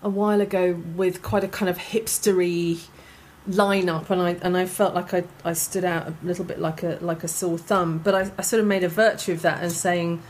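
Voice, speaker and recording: Posh English woman, lively and self-deprecating. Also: on the low side, normal speed, slight background noise, low-quality recording. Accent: posh southern English. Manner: animated, self-deprecating, frequent restarts and laughs. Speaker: stand-up comedian, guest. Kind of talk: casual chat.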